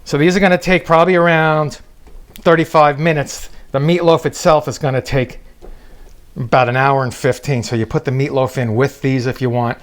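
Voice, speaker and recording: A man playing host on a comedic cooking show jokes and teases his viewers while demonstrating in the kitchen. His mid-range voice keeps a level tone at a normal pace.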